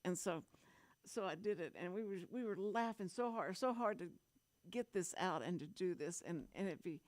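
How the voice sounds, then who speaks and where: Animated woman telling a story. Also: lowish voice, no room sound. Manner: animated storyteller, laughs often, quick asides. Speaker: radio show host. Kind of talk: casual chat, telling a story.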